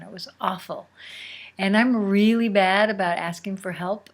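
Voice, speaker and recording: A woman host telling a personal story in a casual, unhurried way, sometimes dropping to a near whisper. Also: medium pitch, steady tone. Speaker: podcast host.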